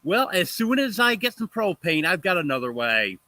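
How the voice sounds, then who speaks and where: A man's voice: high-pitched, sing-song, normal speed, sharp tone, no echo. A man chatting as a guest on a livestream, answering in short, matter-of-fact replies. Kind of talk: casual chat.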